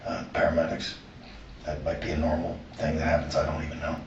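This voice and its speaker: A man being interviewed, giving an earnest, halting account of a conversation he recorded. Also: extremely low pitch, completely flat delivery, creaky, slight background noise. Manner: earnest, halting retelling with restarts. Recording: echoey room, far from the mic, muffled.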